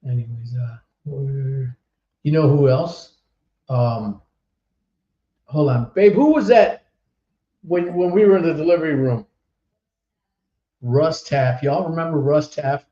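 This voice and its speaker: A man hosting a casual podcast chat, telling stories in an animated way and laughing often. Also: a little high, slow pace, pauses often. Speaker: podcast host. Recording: roomy, dull online stream audio.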